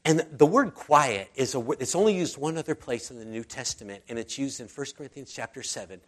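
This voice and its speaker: A man's voice: medium pitch, expressive, brisk. A man preaching a casual sermon, telling personal stories in a chatty, conversational way and acting out the people he quotes. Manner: chatty storyteller, acts out quoted voices. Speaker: pastor.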